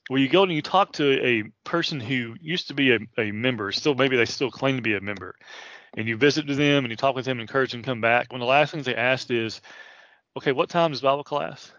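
A man's voice: medium pitch, fast talker, a bit bright, dry recording, muffled recording. Earnest man in his thirties teaching scripture. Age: 30s. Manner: casual and earnest, many fillers and restarts. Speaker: preacher. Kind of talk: conversational Bible teaching.

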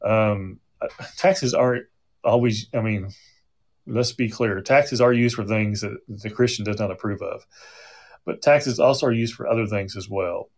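A man's voice: lowish voice, moderate pace. A middle-aged male pastor leading a Bible study sermon, conversational with frequent restarts and asides.

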